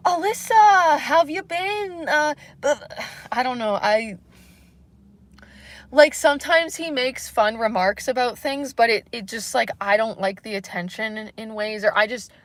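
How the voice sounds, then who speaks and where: Young woman, anxious livestream host; halting, self-searching ramble, full of fillers. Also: a little high, dry recording. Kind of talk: candid solo livestream chat.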